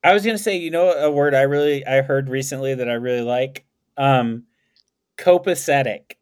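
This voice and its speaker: A man's voice: medium pitch, moderate pace, clean tone. A man co-hosting a podcast in casual chat, jokey and wordy with a mock-pompous streak. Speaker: podcast co-host.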